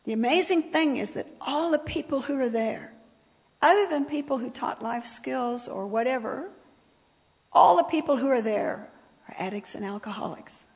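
A woman with a croaky voice giving a sermon in a church, talking to the audience in a conversational way with asides. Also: high voice, lively intonation, normal speed, big-room sound, poor audio. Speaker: speaker at a church service. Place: church hall.

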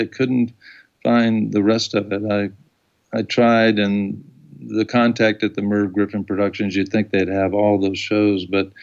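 Low gravelly man telling stories. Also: muffled recording. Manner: rambling anecdotes with acted-out quotes. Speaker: documentary filmmaker. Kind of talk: casual storytelling in an interview.

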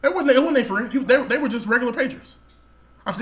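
A man's voice: very high-pitched, lively intonation, fast talker, a bit bright. A young man co-hosting a casual podcast, telling a long story with laughs, profane slang. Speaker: podcast co-host.

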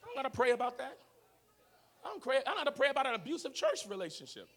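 A man preaching a sermon as pastor of a church, swinging from shouted lines to low, quiet talk. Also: very animated, quick pace, slightly rough. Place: church sanctuary.

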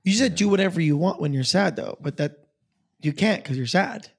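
Higher-voiced man in casual podcast banter. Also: expressive, fairly quick, creaky, slightly rough. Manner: laughs often, argumentative. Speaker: podcast co-host. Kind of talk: casual chat.

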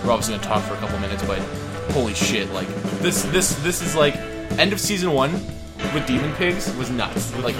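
A young man co-hosting a podcast, chatting excitedly and swearing, often saying dude. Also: medium pitch, brisk, loud music behind the voice. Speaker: podcast co-host. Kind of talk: casual podcast chat.

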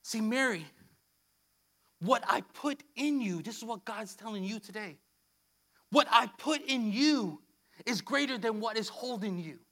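Male pastor, very high and bright tone, emphatic sermon delivery with repeated phrases. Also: expressive, unhurried, pauses often. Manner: emphatic, repeats key phrases, swings between soft and loud.

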